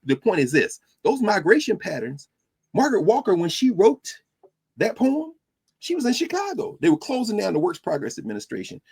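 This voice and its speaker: A man teaches his podcast class in a preacherly, lecture style. His voice is a little husky and sits on the higher side for a man. His pitch swoops widely as he moves between quotes and asides. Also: wildly swooping pitch, brisk, darkish tone.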